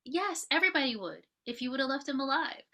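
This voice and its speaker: A woman co-hosting a podcast, relaxed as she recaps and rates a horror movie in casual talk. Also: high-pitched, quick pace. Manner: relaxed, gives ratings and recommendations. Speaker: podcast co-host.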